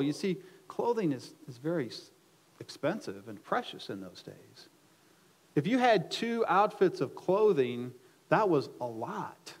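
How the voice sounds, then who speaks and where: Male pastor, sermon delivery, slightly high voice, dynamic swings from hushed to shouted, frequent restarts. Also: very animated, measured pace. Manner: swings between loud emphatic exclamations and low quiet asides; repeats words on restarts.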